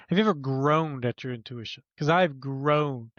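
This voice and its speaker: A man on a casual podcast who talks in an animated way, swears freely, and acts out the dialogue he quotes. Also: fairly high pitch, moderate pace, no echo, muffled recording. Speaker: podcast co-host. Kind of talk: casual chat.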